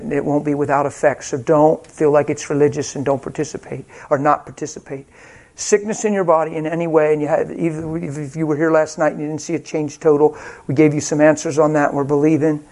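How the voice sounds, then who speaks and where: Slightly high-voiced man preaching. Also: steady tone, fast, a little mellow. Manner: conversational storytelling, laughs often. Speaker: preacher leading healing prayer. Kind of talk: sermon with personal stories.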